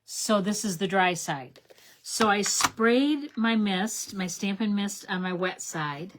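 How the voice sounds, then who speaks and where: At a medium pitch and slow pace, with a fairly bright tone and a little hiss or hum in the audio, a middle-aged woman hosts a card-making tutorial. The channel host is chatty and enthusiastic, calls viewers "you guys," explains every step, and often corrects herself.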